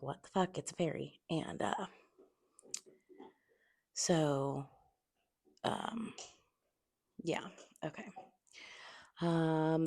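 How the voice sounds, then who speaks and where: A woman with a low, gravelly voice recaps a book at a table in a room at home, spoilers and all. She's blunt, swears freely, and acts out characters in quick asides. Now and then she drops almost to a whisper to keep quiet.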